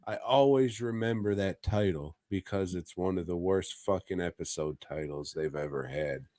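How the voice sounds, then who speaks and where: A man's voice: low voice, moderate pace, mellow. A man co-hosting a podcast, telling a rambling, profane story in a casual chat. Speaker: podcast co-host.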